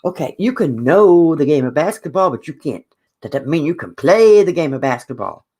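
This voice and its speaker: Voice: mid-range voice, expressive, normal speed, dark tone, breathy edge. A podcast co-host, ranting with strong opinions in casual sports chat.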